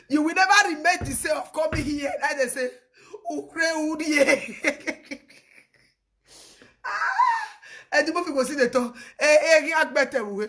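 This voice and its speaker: A woman with a Nigerian accent giving casual, laughter-filled commentary, telling a story with lively energy. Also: sits high, moderate pace.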